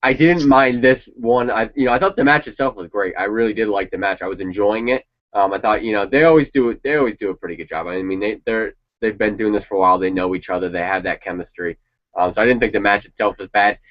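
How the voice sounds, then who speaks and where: In dull lo-fi audio, a man with a voice on the low side talks at a quick pace about a wrestling show he's watching. His casual chat is rambling and opinionated, with occasional swearing.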